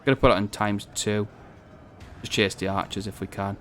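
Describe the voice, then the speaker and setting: A man's voice: on the low side, steady tone, moderate pace, fairly bright tone, soft background music. A man from northern England giving rambling, chatty commentary on a strategy game, swearing casually as he plays. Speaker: gaming video host.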